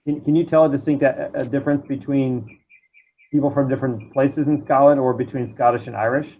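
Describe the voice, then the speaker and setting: A man's voice: mid-range voice, fairly even intonation, brisk, muffled recording, slight background noise. A man guesting on a podcast in casual chat, hesitant and curious, laughing often.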